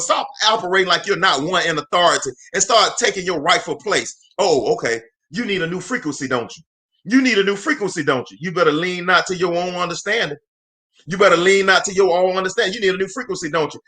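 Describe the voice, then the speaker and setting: Guy from alabama preaching motivation, high bright voice, keeps hammering points home. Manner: emphatic, repetitive, calls out to listeners by name. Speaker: motivational host. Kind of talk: preacher-style motivational talk.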